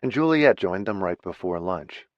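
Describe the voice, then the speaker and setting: A man narrating a novel in a steady, even reading voice. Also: low-pitched, normal speed, no echo, highs cut off. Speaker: audiobook narrator. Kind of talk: scripted narration.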